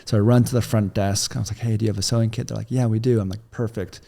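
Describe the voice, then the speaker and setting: Chatty man with a gravelly voice. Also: lowish voice, steady tone, fast, dark tone. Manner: chatty, many "like" fillers. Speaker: podcast guest. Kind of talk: casual storytelling. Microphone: studio mic.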